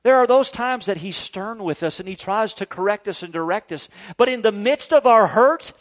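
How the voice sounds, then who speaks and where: A man in his thirties preaching a sermon as a pastor, earnest, swinging from loud urging to soft, tender tones. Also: high-pitched, lively intonation, normal speed. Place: church grounds.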